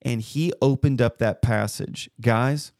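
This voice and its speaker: A man in his thirties co-hosting a casual faith chat, retelling a conversation as a story with animated bursts. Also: medium pitch, takes it slowly, vocal fry, no room sound, studio quality. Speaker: podcast co-host.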